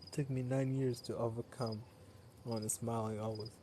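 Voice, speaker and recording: A young man talks casually to his stream late at night, tired and easygoing, with quick laughs between thoughts. His voice sits at a middle pitch for a man. Faint crickets and night air hum behind him on a handheld phone mic. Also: little pitch movement. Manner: tired, loose, laughs often, chatty with viewers. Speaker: live streamer.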